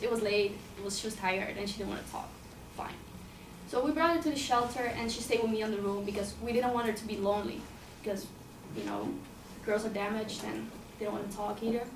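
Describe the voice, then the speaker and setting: In a slightly high voice, a woman tells a personal story casually and plainly, repeating herself and swearing now and then. The distant mic gives a roomy sound with faint ambience and background noise.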